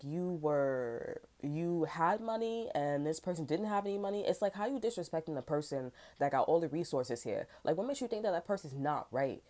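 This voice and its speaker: A woman's voice: low-pitched, dark tone. A young woman giving a rambling, casual tarot reading, frank and full of fillers. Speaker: tarot reader.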